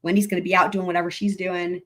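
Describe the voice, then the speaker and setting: This true-crime livestream host has a lowish voice that stays level as she talks fast. A week after losing her voice she's still recovering, but she's blunt, emphatic, and swears freely.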